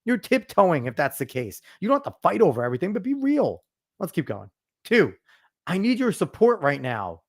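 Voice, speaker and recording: Male podcast host, a bit high-voiced, blunt and foul-mouthed, pitch leaping all over while he rants. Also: huge pitch swings, moderate pace. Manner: blunt, profane ranting; emphatic, lectures the listener. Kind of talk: casual podcast commentary.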